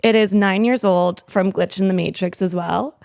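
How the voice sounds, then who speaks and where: Chatty gravelly-voiced woman host. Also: mid-range voice, steady tone, darkish tone, no room sound, clean studio sound. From Canada. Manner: chatty, laughs often, talks fast. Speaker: podcast host. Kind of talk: casual chat and reading stories aloud.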